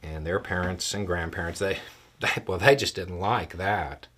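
Husky-voiced man giving political commentary. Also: deep voice, unhurried, a bit bright.

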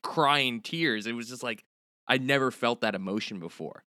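A man's voice: medium pitch, moderate pace, bright, forceful tone, dry recording, studio quality. A man hosting a podcast, talking earnestly in casual chat with lots of "like" fillers. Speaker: podcast host.

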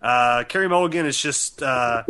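Sarcastic halting man reviewing a film. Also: mid-range voice, sharp tone, clean tone. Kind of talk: casual podcast film review.

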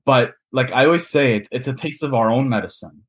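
A man from Canada talks casually as a podcast guest at an ordinary middle pitch. He rambles and pokes fun at himself, padding his sentences with fillers. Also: brisk. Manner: rambling, self-deprecating, many fillers. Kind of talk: casual chat.

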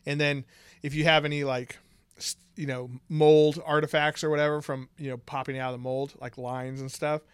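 A laid-back man talks casually on a podcast, laughing often and leaning on fillers as he goes. His voice sits a little high for a man. The sound is dry and close, with no room around it. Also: level tone, moderate pace, smooth, dry recording. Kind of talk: casual chat.

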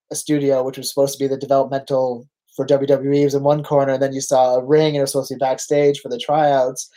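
A Canadian man in his forties chats as a podcast guest, spinning animated anecdotes. He slips into quoted voices and laughs easily, with a middle-pitched voice. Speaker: guest, veteran pro wrestler. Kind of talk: casual storytelling chat.

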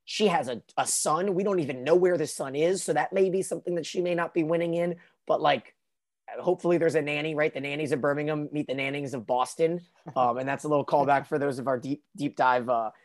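A man co-hosting a podcast, chatting casually about a TV episode with many restarts and fillers. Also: on the high side. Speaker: podcast co-host. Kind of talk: casual TV recap chat.

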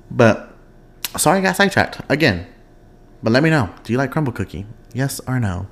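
A young man hosting his own podcast in casual, expressive chat, laughing often and wandering off on tangents. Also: lowish voice, normal speed. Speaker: podcast host.

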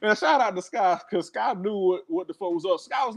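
A man with a high voice swings his pitch all over as he co-hosts a casual recap podcast. His rants are loud with profanity and broken up by laughter. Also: animated, a little fast, creaky. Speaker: podcast co-host. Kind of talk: casual reality-TV recap chat.

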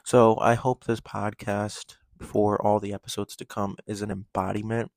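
A man's voice: fairly low pitch, little pitch movement, moderate pace, vocal fry, a little mellow, dry recording. A man hosting his own podcast, talking candidly in a rambling solo monologue full of fillers and restarts. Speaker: podcast host.

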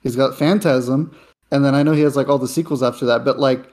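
A man's voice: mid-range voice, fairly even intonation, fast, a little mellow. A man in a casual film podcast chat who talks in a thoughtful, rambling way with hesitant restarts.

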